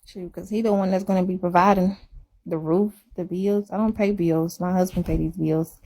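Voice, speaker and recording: A woman's voice: on the low side, fairly even intonation, normal speed, dark tone, husky. Chatty woman. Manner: chatty, emphatic, repeats herself for effect. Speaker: livestreamer. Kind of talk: casual live-stream chat.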